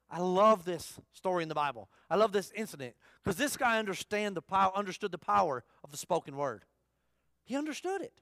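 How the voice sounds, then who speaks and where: A man's voice: high-pitched, fairly bright tone, dry recording, studio quality. A man preaching a sermon in a church service, talking conversationally, asking the congregation questions and repeating his key phrases. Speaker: pastor.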